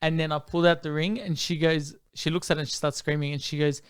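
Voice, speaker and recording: A man's voice: on the high side, a little fast, clear, resonant tone. Laughing young man telling a story. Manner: animated, laughing, says "bro" often. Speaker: podcast guest. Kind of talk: casual chat, storytelling.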